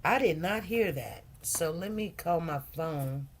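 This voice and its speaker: A middle-aged woman who hosts a channel tells a story in a relaxed way, speaking at a measured pace in a fairly low voice. She's an animated storyteller who acts out the voices of the people she quotes.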